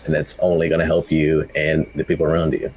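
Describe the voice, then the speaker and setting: A man's voice: extremely low pitch, level tone, quick pace, a little mellow, slightly rough. A man co-hosting a podcast, speaking bluntly and emphatically in casual chat. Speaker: podcast co-host.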